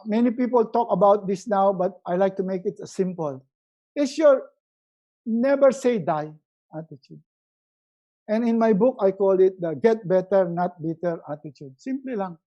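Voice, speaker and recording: An emphatic Filipino man, a resiliency coach and speaker from the Philippines, delivers a motivational webinar talk at a measured pace. He repeats key words and drops his voice low and soft for emphasis. The audio is dull.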